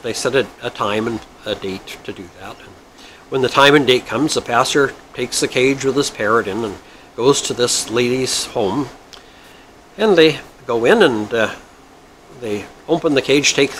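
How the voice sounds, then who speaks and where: A man hosting a story and joke segment, who talks in a folksy, chuckling, unhurried way. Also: medium pitch, a bit bright, a little hiss or hum, rough recording. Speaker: host.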